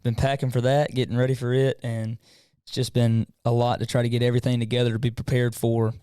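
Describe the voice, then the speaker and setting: A relaxed man co-hosts a casual podcast and answers in short, easygoing replies. His voice is smooth and clear, and the sound is dry and close. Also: medium pitch, fast, no echo. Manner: laid-back, brief replies. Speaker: co-host.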